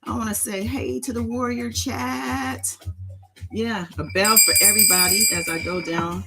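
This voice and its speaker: A woman's voice: mid-range voice, fairly even intonation, unhurried, creaky, loud music behind the voice, rough recording. A woman hosting a casual live stream in a sing-songy voice, greeting her chat members by name. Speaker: livestream host.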